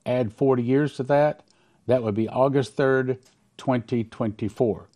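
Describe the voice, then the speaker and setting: A man's voice: medium pitch, fairly even intonation, measured pace, warm tone. A man hosting a talk show, reading prophecies aloud and commenting on them in an emphatic, preachy way. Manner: emphatic, preachy, stresses key numbers.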